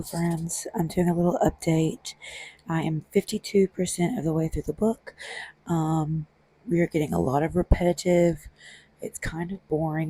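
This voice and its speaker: A woman's voice: fairly low pitch, no echo. A young woman, chatting casually through reading updates with lots of fillers. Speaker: book vlogger.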